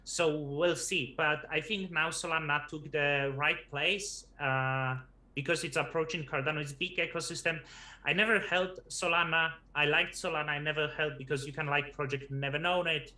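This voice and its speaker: A man appearing as a guest on a casual livestream, talking in halting stretches and repeating words as he builds his sentences. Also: a little high, steady tone, bright, forceful tone. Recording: echoey room.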